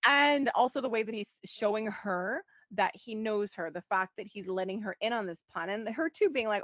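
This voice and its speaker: A woman's voice: medium pitch, normal speed, hardly any pauses, fairly bright tone, no echo. A woman co-hosting a podcast, chatting casually and quoting characters as she recaps. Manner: chatty, quotes characters, laughs often. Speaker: podcast co-host. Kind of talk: casual chat recapping a soap opera.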